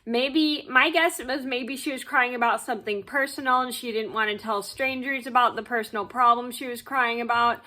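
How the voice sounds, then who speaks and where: Bright-voiced young woman rambling a storytime. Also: fairly high pitch, fairly even intonation, normal speed, hardly any pauses. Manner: rambling and repetitive, fills gaps with blah blah. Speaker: vlogger telling a work story. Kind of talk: casual storytime.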